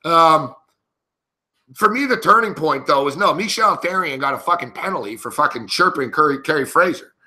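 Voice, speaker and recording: Telling a sports story to his live chat, this middle-aged betting show host is brash and animated, moving at a moderate pace. His voice is piercingly bright and somewhat high for a man; he swears openly, laughs between remarks, and talks in loose, casual spurts like he's riffing.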